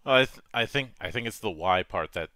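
A man's voice: lowish voice, expressive, brisk, pushed and bright, dry recording, clean studio sound. A man hosting a casual interview, often stumbling and restarting his words. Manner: stammering restarts, repeats words. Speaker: host.

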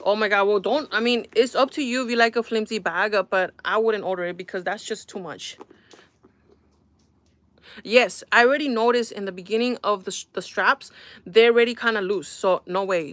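A young woman hosting a casual live stream, talking to her viewers in an exasperated, animated way. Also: medium pitch, no room sound.

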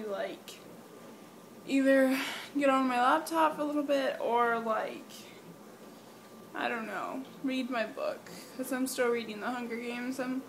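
A teenage girl rambles through a casual daily vlog, giggling and keeping her voice soft as she walks outside. Her voice sits high with a touch of fry, and faint background noise sits behind her. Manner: walking and talking softly outdoors. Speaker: vlogger. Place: quiet suburban neighborhood outdoors.

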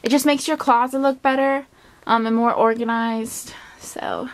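A woman vlogger chatting casually through a closet tour, filling pauses with ums and likes. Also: fairly high pitch, fairly even intonation. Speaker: beauty vlogger. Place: at home by her closet.

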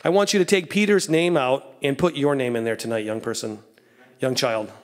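A man in his thirties preaching an evening sermon in a church, telling the story with soft low asides and excited raised lines. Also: moderate pace. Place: church sanctuary.

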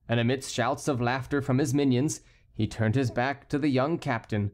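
A man reads a historical novel aloud in a steady, scripted audiobook style. His voice sits in a mid range. He gives the courtiers higher voices of their own. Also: normal speed. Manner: reads every character himself, lifting his pitch for the courtiers. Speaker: audiobook narrator. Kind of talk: scripted narration.

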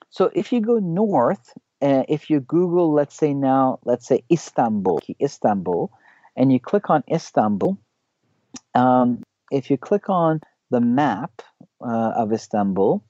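Halting man explaining over a map. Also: medium pitch, dark tone, no room sound, muffled recording. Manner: halting, many restarts and fillers. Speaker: regular guest teacher.

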